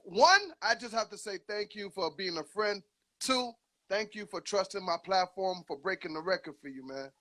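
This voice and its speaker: A man's voice: high-pitched, moderate pace, sharp tone. A man hosting a radio show, chatting casually with a guest in hyped, slangy talk and laughing often. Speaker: radio DJ host. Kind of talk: casual radio interview chat.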